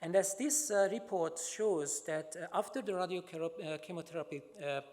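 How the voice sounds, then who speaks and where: Halting man lecturing in a reverberant hall. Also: high voice, darkish tone. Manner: halting, many filler sounds and restarts. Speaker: microbiology researcher giving a lecture. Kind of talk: academic talk with slides.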